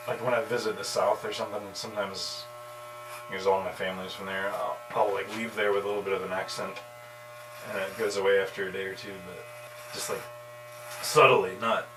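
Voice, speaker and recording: A man getting his hair cut, chatting in a relaxed storytelling way. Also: fairly low pitch, moderate pace, long pauses. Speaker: customer getting a haircut. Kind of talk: casual chat. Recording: echoey room, distant mic, electrical hum.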